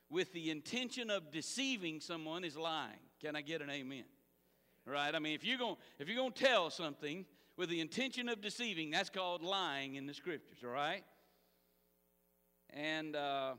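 A man preaching a sermon as pastor, animated and calling out to the congregation. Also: on the high side, in a large hall. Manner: animated preaching with audience call-outs.

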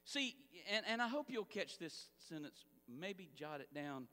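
A man preaches with a high, bright voice that swings widely in pitch, calling out to his congregation for a response. His sermon rings through a church sanctuary with a long reverb tail. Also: a little slow. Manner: animated preaching with audience call-outs. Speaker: pastor.

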